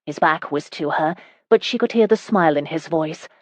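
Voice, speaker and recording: A woman narrating a historical romance audiobook in a steady, even storytelling manner. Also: low-pitched, normal speed, dry recording.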